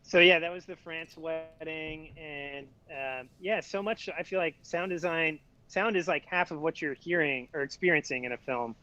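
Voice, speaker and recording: A man talking as a guest over a video call, telling a story in a relaxed way with lots of fillers. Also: on the high side, normal speed, hardly any pauses. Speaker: guest filmmaker. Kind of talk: casual video-call chat. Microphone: video call over shaky internet. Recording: dull, dry video-call audio.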